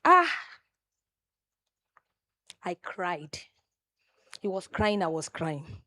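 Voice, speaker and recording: A woman's voice: lowish voice, big pitch swings, extremely slow, sharp tone, no echo. A woman with a Nigerian accent giving a personal tribute speech, telling stories with exclamations and asides to the audience. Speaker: tribute speaker at a memorial event.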